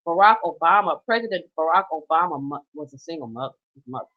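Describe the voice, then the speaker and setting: A woman's voice: low voice, expressive, brisk. Middle-aged woman, emphatic unscripted rant, swears freely, slightly dull lo-fi sound. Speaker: mother and grandmother ranting about youth.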